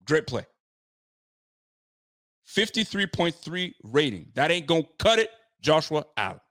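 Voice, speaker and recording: A man's voice: on the high side, very animated, measured pace, a bit bright. A man giving a frustrated, blunt post-game reaction, repeating himself and using casual slang. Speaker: sports fan commentator.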